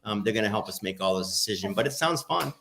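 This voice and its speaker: A man's voice: lowish voice, expressive, fast talker, gravelly, fairly bright tone, a little hiss or hum. Jovial boston-accented man, live chat. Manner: jovial, upbeat, hypes viewers. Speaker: co-host of a live stream. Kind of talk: casual live-stream chat. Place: indoors at home, room with a fireplace.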